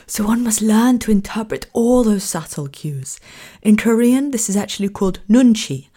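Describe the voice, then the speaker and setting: A woman's voice: medium pitch, moderate pace. A British woman giving a lecture, talking with frequent laughter and fillers. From Britain. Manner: laughs often, fillers, animated when amused. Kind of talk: lecture on cultural communication.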